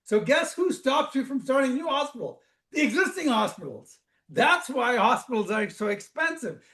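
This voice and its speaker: A man from Africa gives a storytelling talk as a guest speaker. His voice sits high and his delivery is animated and conversational, with frequent restarts. The room has a strong echo. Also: normal speed. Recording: echoey room.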